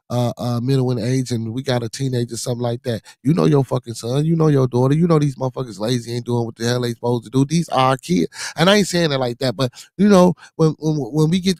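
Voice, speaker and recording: A middle-aged man rambles through a casual podcast monologue, swearing freely and leaning on repeated fillers. His voice sits at an ordinary pitch for a man. The recording is dry, with no room sound around him. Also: a little mellow, no room sound. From Chicago, USA. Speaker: podcast host.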